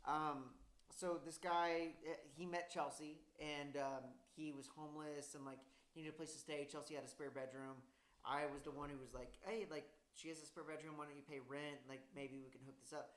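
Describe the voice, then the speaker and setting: A young man telling a story in casual chat, cursing a lot and rambling, getting louder and laughing as he gets worked up. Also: on the high side, steady tone, normal speed, reverberant.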